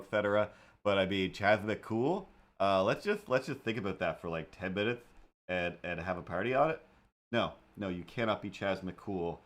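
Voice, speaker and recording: A man hosting a casual drawing livestream, talking in a rambling, jokey way with lots of fillers and asides. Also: on the low side. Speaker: livestream host and artist.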